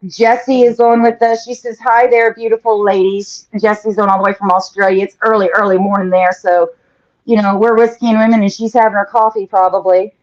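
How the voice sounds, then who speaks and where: Speaking fairly quickly in a flat, medium-pitched voice, a woman runs a painting livestream, chatting and reading out comments from viewers as she works. The audio is dull, low-fidelity stream sound.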